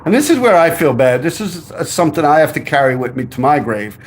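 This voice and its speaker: Livestream host: a man with lively swings of pitch, profane and rambling. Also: quick pace. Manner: rambling, heavily profane, worked-up storytelling. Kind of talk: casual livestream storytelling.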